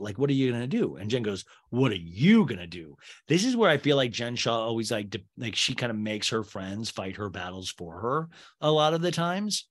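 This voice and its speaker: A man hosting a comedy podcast, recapping a reality episode and acting out the cast's lines with sarcastic asides. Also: medium pitch. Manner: animated, acts out quoted lines with sarcastic asides. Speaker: podcast host.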